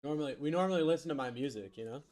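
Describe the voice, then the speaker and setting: Man, card break streamer, slightly high voice, rattles off player names, casual chat. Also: racing, a little mellow. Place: live stream setup.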